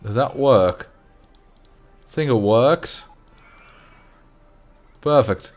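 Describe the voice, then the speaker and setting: On a game livestream, a young Dutch man chats casually while he builds, laughing a lot and muttering to himself. He speaks extremely slowly at medium pitch, with lively intonation and a somewhat mellow tone. Faint music plays behind him.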